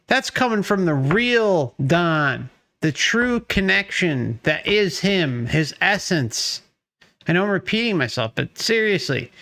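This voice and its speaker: A man commenting on a played clip, pressing his points by repeating them and cheering the speaker on. His voice is bright and a little high, and he speaks slowly. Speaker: channel host commenting on a clip. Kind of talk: video commentary.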